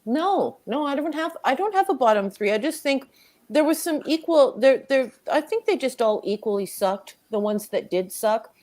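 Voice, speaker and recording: A woman's voice: high-pitched, lively intonation, moderate pace, a little mellow. A woman on a casual review podcast, speaking in an earnest, thoughtful and opinionated way.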